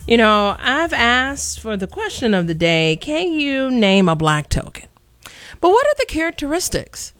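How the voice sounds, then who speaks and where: A woman's voice: fairly high pitch, very animated, measured pace, fairly bright tone, dry recording, soft background music. Woman, radio talk host, sassy, blunt, dry close studio sound. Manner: sassy, blunt, presses callers hard.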